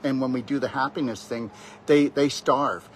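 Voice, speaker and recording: A man's voice: medium pitch, moderate pace, a little hiss or hum. A man delivering a rambling, emphatic motivational monologue on natural health, preaching straight at the listener. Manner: preachy, emphatic, keeps addressing the listener directly.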